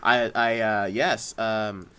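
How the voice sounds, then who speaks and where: A man's voice: lowish voice, fairly even intonation, slow pace, a bit bright, clean tone. A man co-hosting a casual podcast over a call, rambling, laughing often, and stammering and repeating his words. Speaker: podcast co-host. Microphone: remote call.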